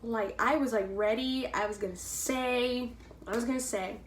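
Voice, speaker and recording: A woman from Houston, Texas, telling an excitable, gushing story to her camera, full of "like"s. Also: a little high, moderate pace, a little hiss or hum. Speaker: vlogger. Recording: echoey room.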